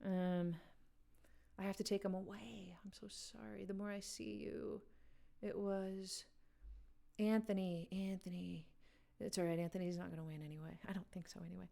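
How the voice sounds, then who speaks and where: A woman with a medium-pitched, gravelly, mellow voice speaks in a level tone at a moderate pace. She's a livestream game host running a music quiz, chatting casually with viewers and laughing a lot.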